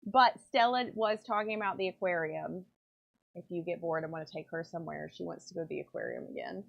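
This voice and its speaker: A woman with a lowish, gravelly voice talks at a quick pace as she works in her home pen workshop. The pen maker and channel host rambles chattily with lots of fillers, captured on a dull lo-fi recording.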